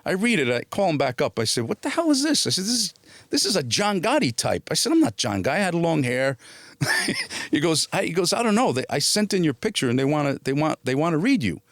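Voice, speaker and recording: A man's voice: on the high side, huge pitch swings, fairly quick, fairly bright tone, dry recording. A middle-aged man, an actor, telling stories in a casual interview. He acts out quoted dialogue as he goes, restarts often and swears casually.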